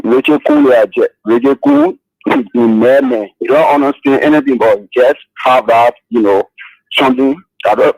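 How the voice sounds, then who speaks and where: Man, caller, gravelly voice, dry phone line, rambling. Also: mid-range voice, darkish tone, dry recording.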